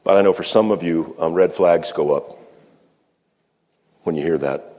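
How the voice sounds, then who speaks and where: Male pastor, fairly low voice, preaching with deliberate pauses; reverberant sanctuary sound. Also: dark tone. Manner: measured preaching with slow emphatic pauses. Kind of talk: sermon. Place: church sanctuary. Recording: long reverb of a church hall.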